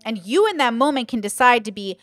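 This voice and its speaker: A woman's voice: on the high side, brisk, dry recording, soft background music. A woman creator in casual livestream chat, thinking aloud with lots of fillers and acting out the voices she quotes. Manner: animated, acts out quoted voices. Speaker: online content creator.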